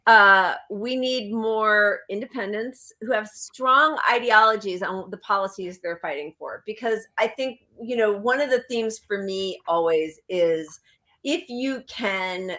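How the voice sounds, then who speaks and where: A woman's voice: medium pitch, unhurried, pushed and bright. A woman co-hosting a podcast, chatting casually and bluntly about politics. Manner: opinionated, blunt. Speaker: podcast co-host.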